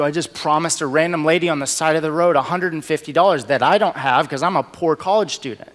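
Man telling a lively testimony. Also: a little high, fast, few pauses, big-room sound. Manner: lively storyteller acting out dialogue. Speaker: speaker sharing a personal testimony. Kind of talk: storytelling sermon testimony.

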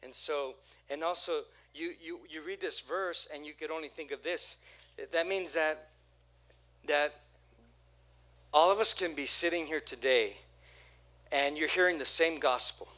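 A middle-aged man preaching a sermon as pastor, animated, acting out what churchgoers say. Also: on the high side, a little slow, pauses often. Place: church sanctuary.

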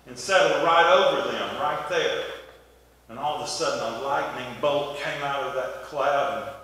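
Folksy pastor in an echoey church. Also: male voice, medium pitch, sharp tone. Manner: folksy storytelling, conversational. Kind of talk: sermon. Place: church sanctuary. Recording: echoey hall from far off.

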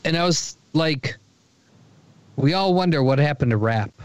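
A man's voice: on the high side, lively intonation, unhurried, smooth. An American man co-hosting a podcast, bantering casually, swearing and joking as he argues his point. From United States. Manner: profane, joking, playfully argumentative. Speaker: podcast co-host.

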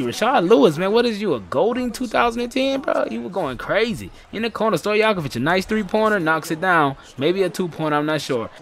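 A man giving casual, slangy play-by-play commentary over a basketball video game, excitable and heckling his own players. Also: on the high side. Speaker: gaming channel host.

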